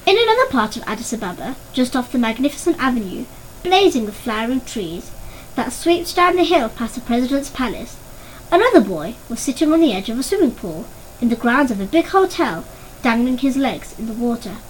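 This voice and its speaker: Casting: female audiobook narrator, high-pitched voice, storytelling delivery, faint room ambience. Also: big pitch swings, brisk, a little hiss or hum, rough recording. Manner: voices characters with raised pitch.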